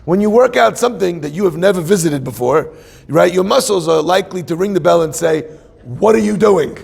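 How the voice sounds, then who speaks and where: A man's voice: high voice, fairly quick, vocal fry, a little mellow, slightly rough. A man in his forties, a rabbi, giving a joking, conversational sermon and asking the audience questions. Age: 40s. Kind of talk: humorous sermon. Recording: long hall reverb.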